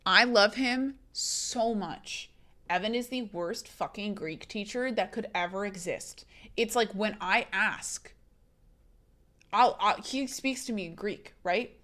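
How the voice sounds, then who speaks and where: Young female streamer, casual rambling chat, mid pitch. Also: takes it slowly, pushed and bright. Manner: chatty, reads chat aloud, rambling restarts.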